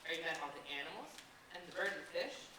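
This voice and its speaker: A woman on stage playing a calm, patient boy who asks questions in a gentle, quiet way. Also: low voice, rapid-fire, noisy background. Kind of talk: stage musical acting. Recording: echoey stage from far off, with music.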